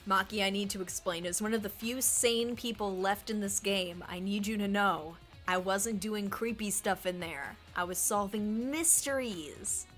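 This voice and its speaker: Woman streamer, playful, reads game lines aloud with commentary, mid pitch, faint music. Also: measured pace, fairly bright tone. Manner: playful, laughs often, reads lines dramatically.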